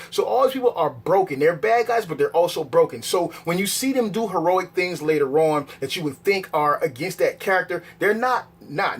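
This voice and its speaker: A man with a husky voice talking through a film review in a casual, rambling way, with slang, swearing and repeated checks on whether the viewer follows him. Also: on the high side. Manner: rambling and conversational, repeats words, asks the viewer "you dig what I'm saying?".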